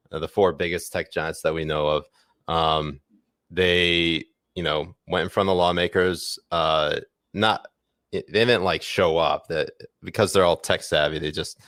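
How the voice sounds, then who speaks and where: A man's voice: deep voice, fairly bright tone, no echo. A man co-hosting a podcast in casual, rambling chat with many fillers and jokes. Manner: rambling, lots of fillers, jokey. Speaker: podcast co-host.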